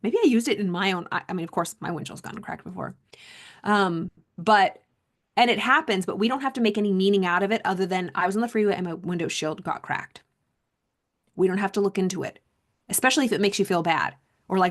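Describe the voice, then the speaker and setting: A woman's voice: mid-range voice, fast talker. Woman coach musing on a self-help book. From Southern California. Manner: casual, conversational, repeats herself for emphasis. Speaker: mindset coach. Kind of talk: reading aloud and reflecting on a self-help book.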